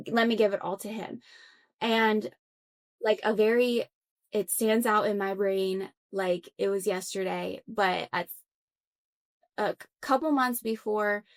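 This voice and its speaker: A young woman with a mid-pitched voice speaks as a podcast guest, telling her story earnestly and reflectively. Her talk is conversational, with many fillers and self-corrections as she gathers her thoughts. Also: fairly even intonation, measured pace. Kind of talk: conversational interview.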